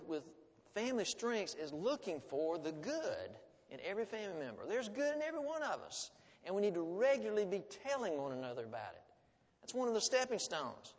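A middle-aged man, a family studies teacher, gives a folksy, conversational lecture to a live audience and often asks it rhetorical questions. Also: on the high side. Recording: reverberant hall.

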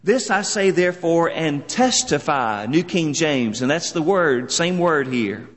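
A man preaching a sermon in an earnest, measured way, leaning on words for solemn emphasis. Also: fairly high pitch, lively intonation, long reverb tail.

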